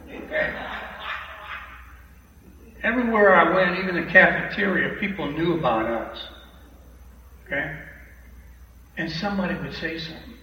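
A man giving an animated, emphatic testimony to a church congregation, repeating phrases for effect, heard from a distance in a large hall. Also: on the high side. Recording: echoey hall from far off, dull and noisy.

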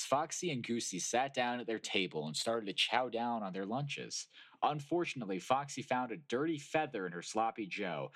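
A man co-hosting a podcast, reading fan fiction aloud and joking around. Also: medium pitch. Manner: lively, jokey. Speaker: podcast co-host.

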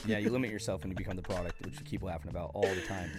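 A man's voice: low voice, rapid-fire, music in the background. A young man co-hosting a podcast in casual chat, telling stories with a lot of "dude" and "like". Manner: excited storytelling, heavy use of "dude" and "like". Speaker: podcast co-host.

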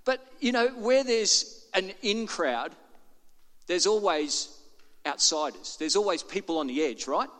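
A man's voice: high-pitched, expressive, measured pace, fairly bright tone, big-room sound. An older man preaching a sermon to his congregation in a chatty, self-deprecating way. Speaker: pastor. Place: church auditorium.

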